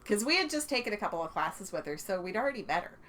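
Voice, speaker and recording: Bright, lively Canadian woman telling stories. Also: mid-range voice, fast talker, slight background noise. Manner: chatty storyteller, laughs often, acts out quotes. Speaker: podcast co-host. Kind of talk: casual chat.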